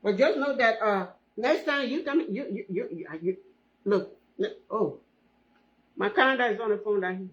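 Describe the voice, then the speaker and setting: A woman's voice: mid-range voice, moderate pace. Emphatic woman on a lo-fi live stream. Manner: emphatic, repeats phrases, often asks 'hmm?'. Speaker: hair braiding business owner. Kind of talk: live stream monologue to viewers.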